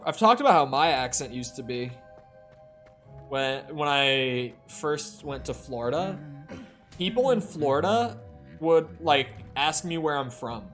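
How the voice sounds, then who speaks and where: A man's voice: a little high, expressive, measured pace, a bit bright. A man from the Upper Midwest streaming a video game, chatting casually and wandering off into stories. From Upper Midwest of the United States. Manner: rambling, storytelling asides. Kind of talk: casual chat while playing a video game. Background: faint game music.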